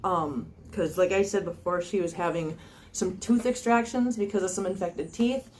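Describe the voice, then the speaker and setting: A woman's voice: on the low side, steady tone, moderate pace, darkish tone, slight background noise. A woman vlogging casually to her viewers on a phone camera. She talks in an earnest, chatty way, with many ums and restarts. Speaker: cat channel vlogger. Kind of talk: casual vlog talk to viewers.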